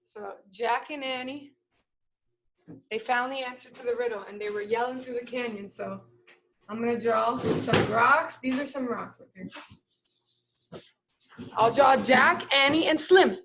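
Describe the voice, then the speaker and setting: A woman's voice: fairly high pitch, measured pace, pauses often, fairly bright tone, slight background noise, low-quality recording. A woman teaching kindergarten in a live online lesson, patiently sounding out words letter by letter as she models writing a sentence.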